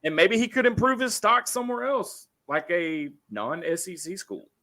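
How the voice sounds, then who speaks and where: A man hosting a casual sports podcast, jokey and animated as he reads out fan feedback. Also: sits high, normal speed. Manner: animated, jokey, hands off between topics.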